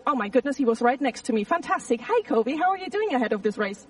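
A woman's voice: high-pitched, sing-song, fast, breathy edge, recorded from a distance, rough recording. Bubbly woman reporting from the race grid. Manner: chatty, bubbly, talks freely. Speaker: pit lane reporter. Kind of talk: live trackside interviewing.

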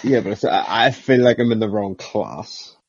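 Chill modest guy guest, bit raspy, dry muffled sound. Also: lowish voice, lively intonation, moderate pace, dry recording. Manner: modest, laid-back. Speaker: podcast guest, sim racing driver. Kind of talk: casual chat.

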